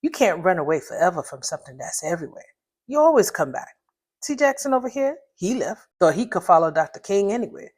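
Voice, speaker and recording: A woman's voice: fairly low pitch, big pitch swings, brisk, darkish tone. A woman reading as a blunt, drawling older man. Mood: lecturing.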